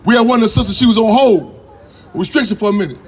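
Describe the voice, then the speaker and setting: A man's voice: high voice, fast talker. A man giving a fiery, profane political talk to a crowd, telling rambling stories that draw call-and-response. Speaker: activist speaker.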